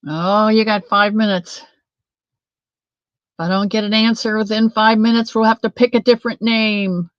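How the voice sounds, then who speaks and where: A woman's voice: mid-range voice, steady tone, moderate pace, dry recording, lo-fi sound. A woman hosting a casual crochet livestream, chatting to viewers by name and drifting off onto side stories. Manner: chatty, addresses viewers by name, wanders off-topic. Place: home craft room.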